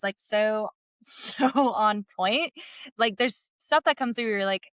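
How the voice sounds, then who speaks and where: Woman podcast host, highish voice, laughs a lot, tells stories all excited, super dry mic. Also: moderate pace, no room sound. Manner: animated storytelling, laughs often, many likes. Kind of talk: casual chat.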